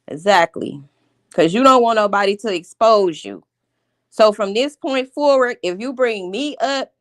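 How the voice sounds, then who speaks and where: A woman with a fairly high voice hosts a livestream, offering casual commentary. She comes across as blunt and confrontational, challenging people with repeated questions. The sound is close and dry, no room sound.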